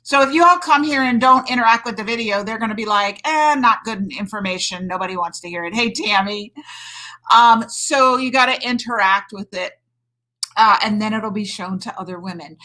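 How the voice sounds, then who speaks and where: Middle-aged woman doctor, live-stream host; emphatic and passionate, a bit high and bright. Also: low-quality recording. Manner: emphatic, fired-up, says "friggin'" a lot. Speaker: hormone coach and doctor. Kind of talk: live-stream chat with viewers.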